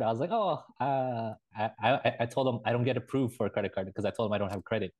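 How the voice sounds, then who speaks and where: A man co-hosting a podcast, telling halting, rambling anecdotes in casual chat with laughs. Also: mid-range voice, a little mellow. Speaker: podcast co-host.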